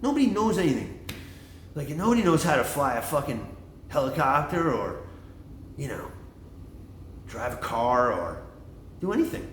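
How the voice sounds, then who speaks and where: A middle-aged man rambling in a profane, excitable vlog monologue, jumping from topic to topic. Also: medium pitch, normal speed, long pauses, reverberant, slight background noise. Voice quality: extroverted and excitable. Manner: animated, swearing, jumps between topics. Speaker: vlogger.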